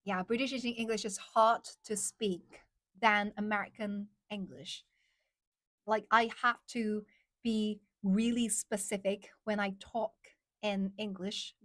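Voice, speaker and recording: A woman's voice: medium pitch, flat delivery, takes it slowly, a bit bright, no echo, studio quality. A woman from China speaking English with a Chinese accent, hosting a casual live stream, chatty, laughing often and repeating words as she restarts.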